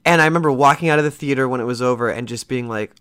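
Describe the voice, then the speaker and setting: A man's voice: medium pitch, very fast, clean tone. Chatty man telling a rambling story. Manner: chatty, rambling with restarts and mild swearing; lively when retelling conversations. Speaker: podcast host.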